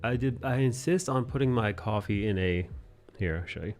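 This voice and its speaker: A man's voice: fairly low pitch, normal speed, a little mellow. A man from New York City hosting a livestream, chatting casually and swearing freely with his viewers while he draws. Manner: profane, joking, chatty with viewers. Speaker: livestream host. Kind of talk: casual chat while drawing.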